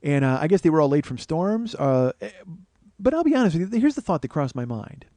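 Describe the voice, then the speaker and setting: A man's voice: a little high, very animated, a little fast, warm tone, no room sound. A man telling a comic story as a podcast host, profane and ranting with mock paranoia.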